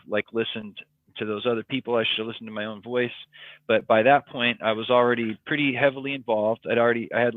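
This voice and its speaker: Man, podcast guest, rambling casual story, lots of ums, tinny phone-quality line, dry sound, middle pitch. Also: no echo. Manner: rambling, with frequent ums and likes.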